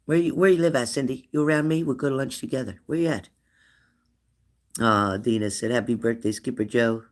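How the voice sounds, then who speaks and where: A middle-aged man hosts a casual livestream, reading viewer comments and chatting with his audience. His voice is medium-pitched and steady, his pace brisk, and he teases viewers while repeating his questions.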